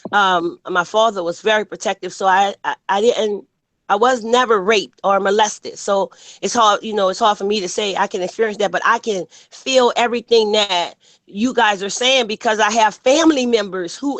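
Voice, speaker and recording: A woman's voice: medium pitch, moderate pace, no room sound. A woman co-hosting a casual panel talk, emphatic and blunt, often asking "you know what I'm saying". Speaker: panel host.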